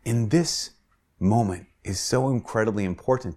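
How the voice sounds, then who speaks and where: A man's voice: lowish voice, moderate pace, dark tone. A man, a Catholic priest, giving a spoken homily in an earnest, emphatic way, repeating words for stress. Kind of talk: reflective spoken video homily.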